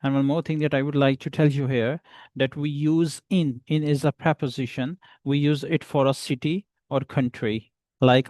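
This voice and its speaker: A man's voice: mid-range voice, fairly even intonation, moderate pace, a little mellow, no room sound. A man teaching a beginner English lesson, patiently repeating example phrases.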